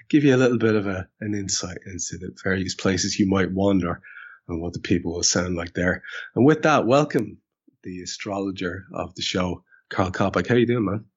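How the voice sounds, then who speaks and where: Husky, low-voiced Irish podcast host. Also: male voice. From Ireland. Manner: rambling, self-deprecating, with halting restarts. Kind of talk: casual podcast chat. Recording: slightly dull podcast audio.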